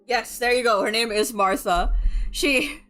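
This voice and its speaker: A woman's voice: a little high, unhurried, a bit bright, soft background music. A young woman from the Philippines chatting casually about a book, rambling with lots of fillers and laughter. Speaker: streamer.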